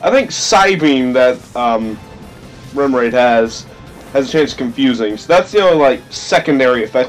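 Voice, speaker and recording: A man hosting a game let's play, with goofy, excitable commentary full of silly sound effects. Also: mid-range voice, normal speed, faint music behind.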